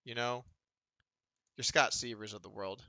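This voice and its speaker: A man in his thirties rambles through a casual poker livestream, dry humor running through his chatter. His voice is bright and a little tense. It sits close to the microphone in a dry room with no echo. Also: medium pitch, fairly even intonation, measured pace, vocal fry. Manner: rambling, sardonic, mocking impressions of others. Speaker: poker streamer. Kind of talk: casual livestream chat while playing online poker.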